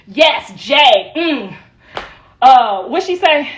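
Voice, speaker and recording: A woman's voice: high voice, normal speed, a bit bright, rough recording. A middle-aged woman chatting casually on a livestream, laughing often, her voice worn out.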